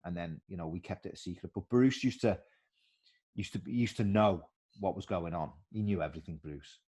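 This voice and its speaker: A middle-aged man, a former footballer telling animated stories in a casual interview and acting out the voices of others. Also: deep voice, a little fast, husky.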